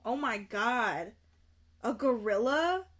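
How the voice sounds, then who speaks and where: A young woman streaming herself reading a book aloud and reacting, animated and quick to exclaim and repeat herself. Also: a little high.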